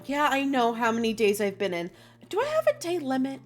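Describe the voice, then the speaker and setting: A woman streamer talks her way through a game in a fairly high, animated voice. She sounds nervous and self-deprecating, swears freely and keeps restarting her sentences. Faint music plays behind her. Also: fairly quick. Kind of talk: casual let's-play chatter.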